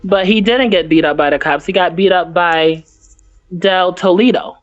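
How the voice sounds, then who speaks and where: A woman with a fairly low voice co-hosts a casual podcast. She drifts through her notes with plenty of ums and asides. The audio is muffled and lo-fi. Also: moderate pace, soft background music. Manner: rambling, reads from notes, many fillers. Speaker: podcast co-host. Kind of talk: casual TV recap chat.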